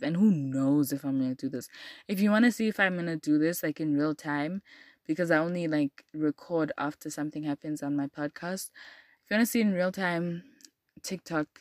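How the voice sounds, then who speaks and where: A young woman hosts her own solo podcast in a chatty, rambling way, full of "like" and sudden lively jumps. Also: dry recording, studio quality. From South Africa. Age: young adult. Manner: chatty and rambling, with frequent "like" and animated jumps in pitch. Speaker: podcast host. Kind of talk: casual solo podcast chat.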